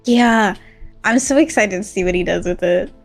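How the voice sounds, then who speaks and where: A woman's voice: mid-range voice, moderate pace, faint music behind. A woman guest streamer in casual, easygoing chat while playing a game.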